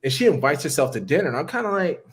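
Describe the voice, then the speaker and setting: A man casually telling a long story on a podcast, acting out what people said with big jumps in his voice. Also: very fast. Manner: animated, acts out quotes with big pitch jumps.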